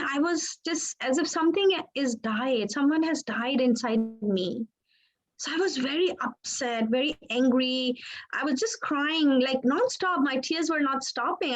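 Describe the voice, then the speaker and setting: A woman sharing a personal testimony as an interview guest, earnest and halting, often restarting her words. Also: high-pitched, poor audio. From Pakistan.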